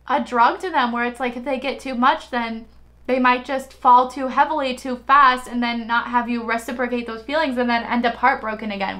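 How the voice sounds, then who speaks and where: A woman's voice: sits high, pushed and bright. A young woman giving a casual tarot reading, chatty and giggly, swearing freely as she talks. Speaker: tarot reader.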